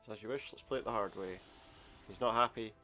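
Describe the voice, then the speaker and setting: A man's voice: lowish voice, fast, pushed and bright, soft background music. A man playing through an adventure game, commenting wryly and reading the dialogue aloud. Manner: wry, sarcastic asides. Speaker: let's play gamer.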